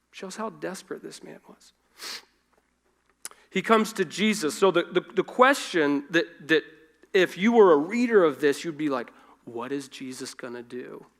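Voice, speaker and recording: A man preaching a conversational sermon, informal and self-correcting, moving between loud emphasis and hushed asides. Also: high voice, creaky. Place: church.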